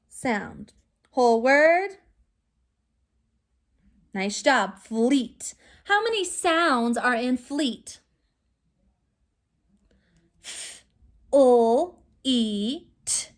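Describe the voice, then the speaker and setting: A woman teacher recording a video phonics lesson for young children, sounding out words slowly and clearly. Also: on the high side, fairly bright tone. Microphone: recorded to camera for remote students.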